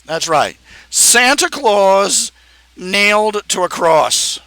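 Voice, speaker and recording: A man hosting a live stream, talking in a casual, animated ramble, repeating phrases and laughing at his own jokes. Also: high voice, very slow, no room sound, poor audio.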